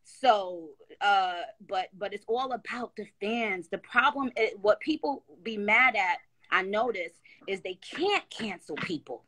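A woman's voice: mid-range voice, lively intonation, unhurried, few pauses, pushed and bright. A woman talking into her phone on a casual live stream, emphatic and slangy, rambling through restarts.

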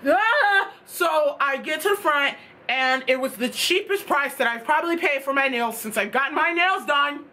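A woman's voice: high voice, expressive, normal speed, bright, forceful tone. A young woman telling a storytime tale in a casual, exasperated rant, swearing freely. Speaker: vlogger.

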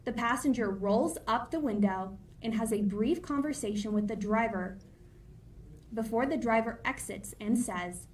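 A calm woman reads scripted narration in a measured, even voice, pitched a little high. She sounds set back from the microphone, with a faint hiss underneath. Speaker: narrator of an agency video. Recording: distant, with faint background hiss.

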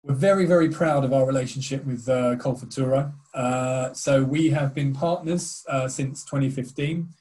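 A man's voice: medium pitch, normal speed, hardly any pauses, a little mellow. A man presenting university admissions information on a video call, with many fillers and repeated words.

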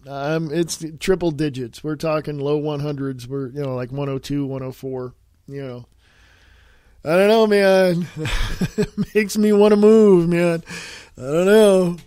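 A man's voice: fairly high pitch, measured pace, dark tone, dry recording. Stuffy-nosed man ranting bluntly. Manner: blunt, heated and profane. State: stuffy nose from sinus infection and allergies. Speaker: podcast host. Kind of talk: casual political podcast rant.

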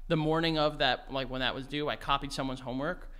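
A man's voice: medium pitch, fairly even intonation, fast talker, bright, forceful tone, clear, resonant tone. A man co-hosting a podcast, chatting casually and loosely, swearing and restarting his sentences a lot. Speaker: podcast co-host. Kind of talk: casual chat.

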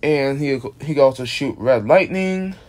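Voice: mid-range voice, moderate pace, darkish tone. Tired, foul-mouthed creator rambling through a casual monster-character explainer. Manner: rambling, restarts often, swears casually. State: tired, yawning. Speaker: video creator presenting an original monster character.

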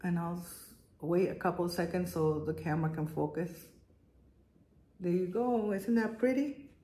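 A woman's voice: fairly low pitch, moderate pace, warm tone. A middle-aged woman with a strong accent, chatting casually and enthusiastically as she shows jewelry in her home garage. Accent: strong non-native accent. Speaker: jewelry vlogger. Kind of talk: casual haul vlog. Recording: echoey room, faint noise.

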